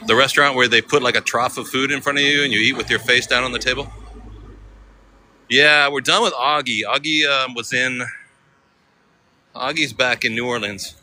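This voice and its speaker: A man's voice: mid-range voice, sharp tone, a little hiss or hum. An American man chatting casually to his viewers as he walks city streets, rambling from one thought to the next. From United States. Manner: chatty, rambling, talks to viewers while walking. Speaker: travel vlogger. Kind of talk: casual walking vlog.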